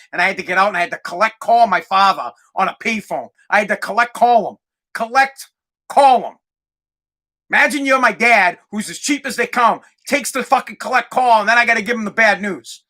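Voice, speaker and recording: A man, hosting a podcast and telling a rambling, profane story in a casual, animated way. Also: high voice. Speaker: podcast host.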